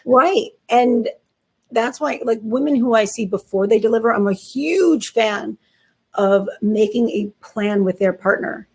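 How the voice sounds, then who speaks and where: A female psychiatrist appears as an interview guest, walking through clinical cases in a brisk, emphatic, conversational manner peppered with casual idioms. Her voice sits on the higher side, with a darkish tone and a breathy edge.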